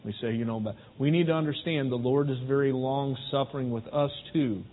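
Speaking briskly in a mid-range voice, this man delivers a sermon in a church sanctuary, chatting comfortably with the congregation and frequently asking them questions. Audio is phone-quality and carries long hall reverb.

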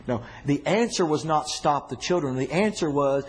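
A man preaching a sermon to a congregation in a church, talking casually to the room and breaking into loud shouts. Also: fairly high pitch, normal speed, hardly any pauses, breathy edge. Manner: animated, shouting bursts and conversational asides to congregation.

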